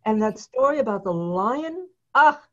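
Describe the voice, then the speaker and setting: A woman's voice: a little high, lively intonation, unhurried, fairly bright tone. A woman hosting an interview, affirming and encouraging her guest as she shares her own memories. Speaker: host. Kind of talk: warm interview conversation. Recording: dull lo-fi sound.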